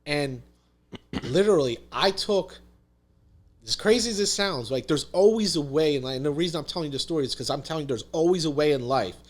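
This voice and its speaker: A man's voice: fairly high pitch, animated, fairly quick. A man talking as a podcast guest, telling a story in casual conversation, emphatic, swearing freely and saying "dude" and "literally" a lot.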